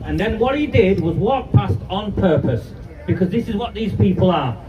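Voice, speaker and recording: A man's voice: sits high, animated, normal speed. A man, giving an angry, defiant speech at a street protest. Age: 50s. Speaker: campaigner speaking at a rally. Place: outdoor street rally. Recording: distant, muffled, noisy outdoor recording.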